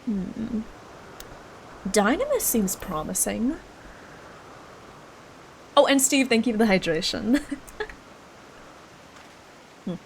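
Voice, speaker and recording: A woman's voice: a little high, big pitch swings, slow pace, long pauses, a little hiss or hum, poor audio. A young woman streaming a game, chatting casually, giggly and rambling, sleepy and yawning. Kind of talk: casual gaming commentary.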